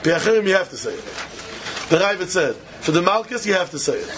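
Male Talmud teacher, high-pitched, chanting, questioning lecture, faint hiss behind. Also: expressive, quick pace, a bit bright. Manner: questioning, sing-song study chant, laughs between points. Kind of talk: yeshiva-style Talmud lecture.

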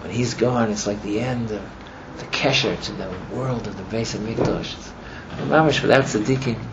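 A man teaching a class as he retells a story, rambling and filling his talk with "you know", and growing animated as the story builds. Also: fairly low pitch, moderate pace. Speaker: religious teacher. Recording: muffled with steady background noise.

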